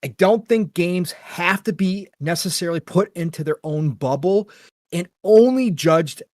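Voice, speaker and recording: A man's voice: sits high, expressive, a little slow, darkish tone, no room sound, clean studio sound. Earnest middle-aged man, podcast host. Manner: earnest, rambling, swears casually. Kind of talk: casual opinionated podcast talk.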